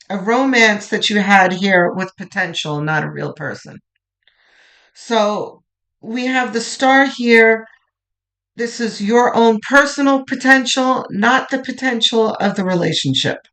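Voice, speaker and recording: Speaking slowly at a medium pitch, a tarot reader guides a pick-a-card reading in a soft, comforting tone. She often starts sentences over and lets her lines fade gently away.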